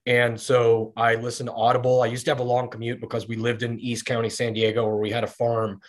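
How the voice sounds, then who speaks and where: A middle-aged man talks at an ordinary, mid-range pitch, chatting as a podcast guest. He rambles easygoing through his memories, restarting sentences and leaning on fillers. The delivery stays relaxed and conversational. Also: fairly quick. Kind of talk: casual conversational storytelling.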